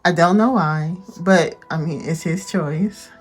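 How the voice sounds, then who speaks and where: A woman's voice: fairly low pitch, unhurried, faint music behind. A young woman chats through a home vlog. She keeps it loose and friendly, laughs easily, and talks straight to the people watching. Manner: chatty, laughs often, talks to viewers as y'all. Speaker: family vlogger. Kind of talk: casual home vlog narration.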